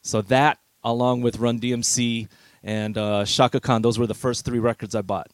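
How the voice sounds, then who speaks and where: A middle-aged man telling old stories at an easy, unhurried pace, chuckling often. His voice sits at an ordinary middle pitch. The sound is dry and close, with no room echo. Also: little pitch movement. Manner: easygoing, reminiscing, chuckles often. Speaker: veteran DJ guest. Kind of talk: relaxed storytelling interview.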